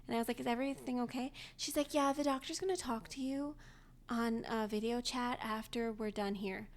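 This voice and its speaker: A young adult woman co-hosting a podcast, telling a story in casual chat, animated and often laughing as she acts out the people in it. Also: fairly high pitch, fairly quick. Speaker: podcast co-host.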